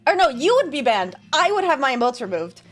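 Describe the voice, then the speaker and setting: Reading viewer messages a little fast, this VTuber talks in a high, sing-song voice over faint background music. The chat is casual, full of sarcasm and frequent laughter.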